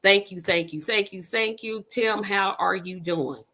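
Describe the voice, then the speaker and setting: Woman in her fifties from Indiana, podcast host; bright, lively, emphatic chat that loops back on itself. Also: mid-range voice, measured pace. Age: 50s. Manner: animated, emphatic, repeats words for effect. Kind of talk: casual chat.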